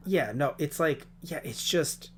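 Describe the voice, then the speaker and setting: A man hosting a podcast, chatting casually about a show, animated and swearing, sometimes arguing with himself for a laugh. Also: on the high side, measured pace, a little hiss or hum. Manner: animated, swearing, mock-argues with himself in bits. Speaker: podcast host. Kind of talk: casual review chat.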